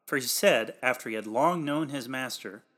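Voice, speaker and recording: A man delivering a read sermon in old-fashioned, formal pulpit language, emphatic and growing louder on the exhortations. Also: medium pitch, moderate pace. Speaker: preacher.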